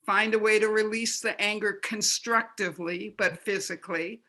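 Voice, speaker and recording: A woman's voice: mid-range voice, steady tone, moderate pace, pushed and bright. A woman who is an author, guesting on an interview and giving practical coaching tips step by step. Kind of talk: conversational interview.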